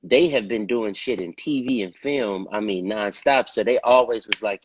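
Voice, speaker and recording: A man's voice: lowish voice, normal speed, muffled recording, a little hiss or hum. A male singer telling stories in a casual interview, laid-back and profane, often repeating filler phrases. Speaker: guest, R&B singer.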